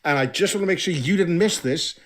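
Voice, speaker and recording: A man telling a comic story about a film, animated and full of swearing. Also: on the high side, brisk. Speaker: podcast guest. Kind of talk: comedic film commentary.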